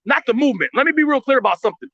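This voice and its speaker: A man's voice: very high voice, expressive, very fast, sharp tone, no echo, lo-fi sound. A man speaking in heated, blunt commentary, profane and impassioned, often restarting his sentences.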